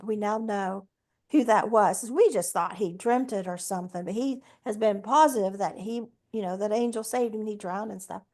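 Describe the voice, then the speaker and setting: A woman's voice: on the high side, a little mellow. Earnest older woman telling her story. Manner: earnest and emphatic, acts out quoted speech. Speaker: guest speaker at a support group meeting. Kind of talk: personal storytelling. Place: meeting room.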